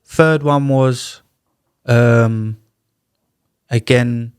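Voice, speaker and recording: A man speaking at a middle pitch, recounting his story to a podcast host in easy street slang. He acts out what others said with lively little shifts of voice. The sound is close and dry, with no room around it. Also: drawn-out words, clear, resonant tone, dry recording. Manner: animated, slangy retelling with acted-out dialogue. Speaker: podcast guest. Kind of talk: casual storytelling. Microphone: studio podcast mic.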